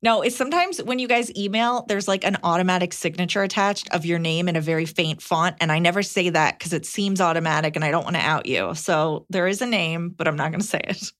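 A woman's voice: on the low side, a little fast, hardly any pauses, fairly bright tone. Emphatic, opinionated woman co-host. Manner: emphatic, opinionated, jumps into side remarks. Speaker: podcast co-host. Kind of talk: reading a letter aloud, then casual chat.

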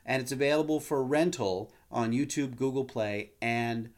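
A man's voice: medium pitch, moderate pace. A man co-hosting a podcast, reviewing films in casual chat with wry, playful humor. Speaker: podcast co-host.

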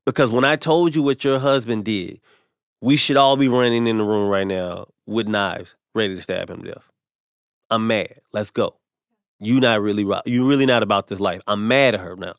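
A man's voice: fairly low pitch, normal speed, no room sound, studio quality. A comedian telling a personal story in casual conversation, acting out the people he quotes. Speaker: comedian guest.

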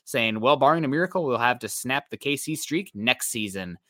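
Male stream co-host, relaxed chat tone, crisp bright voice, dry close mic. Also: medium pitch, fairly quick, no room sound. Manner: reads viewer comments aloud, easygoing. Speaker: co-host of a fan livestream. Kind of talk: casual livestream chat.

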